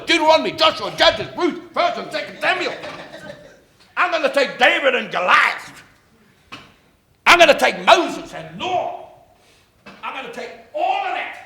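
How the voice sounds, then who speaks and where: A man's voice: very high voice, sharp tone, roomy sound, slight background noise, voice pushed up, full character voice. An older man with a New Zealand accent voicing God in a story, solemn and building long lists. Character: God speaking, grand, calm, reassuring.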